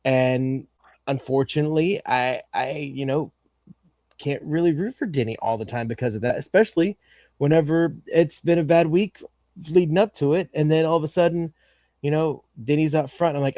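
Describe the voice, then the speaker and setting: A man's voice: fairly high pitch, normal speed, warm tone, no room sound. A man co-hosting a racing podcast, talking in a rambling way with many fillers and restarts. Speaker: podcast co-host. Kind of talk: casual chat.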